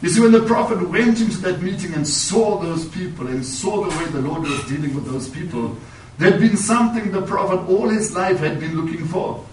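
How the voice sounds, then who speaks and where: A man preaches a sermon, weaving a personal story with a conversational "you know" and rising on his points. His voice sits slightly high. He is picked up from a distance in an echoey church, with faint ambience behind him. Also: moderate pace, slight background noise. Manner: storytelling, repeats "you know", rises in emphasis. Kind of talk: sermon testimony.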